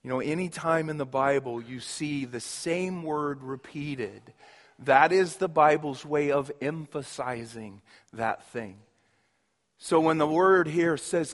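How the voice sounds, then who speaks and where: A man's voice: on the high side, slow. A man preaching a sermon, earnest and emphatic, repeating key words. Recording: long reverb of a large hall.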